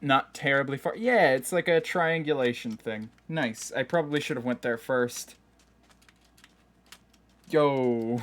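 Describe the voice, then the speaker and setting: A man's voice: mid-range voice, measured pace, pauses often, fairly bright tone. Chatty self-mocking male streamer. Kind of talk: casual live game commentary.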